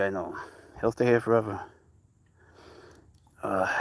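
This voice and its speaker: A man's voice: lowish voice, normal speed, long pauses, dry recording. A man casually chatting while out with his pet cat, rambling about life and switching into cooing baby talk for the animal. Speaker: cat owner vlogger. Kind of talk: casual outdoor vlog chat. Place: outdoors by a lake.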